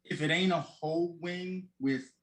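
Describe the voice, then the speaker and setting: A man's voice: on the high side, unhurried, a bit bright. Joking, emphatic man on a podcast. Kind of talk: casual podcast chat.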